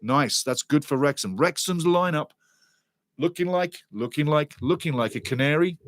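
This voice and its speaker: An older man from Wales hosting a football watchalong stream, chatting casually, joking and reading out viewer comments, now and then breaking into excited shouting. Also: on the high side, moderate pace, no room sound, studio quality. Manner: excitable, jokey, bursts into shouting.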